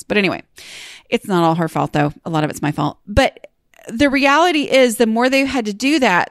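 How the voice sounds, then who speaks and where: A woman's voice: medium pitch, dry recording, studio quality. A woman hosting her own podcast, talking in a chatty, confiding way with sighs and emphatic repeats. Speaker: podcast host. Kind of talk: casual solo podcast talk.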